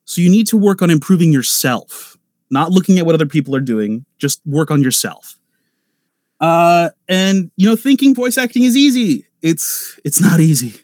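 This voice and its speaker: A man talking through voice-acting tips in a loose, rambling way, full of fillers and restarts. His voice sits a little higher than most men's, and the sound is dry and close. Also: animated, normal speed, a little mellow, no room sound. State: nervous at first panel. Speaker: voice actor on a convention panel. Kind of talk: casual advice talk.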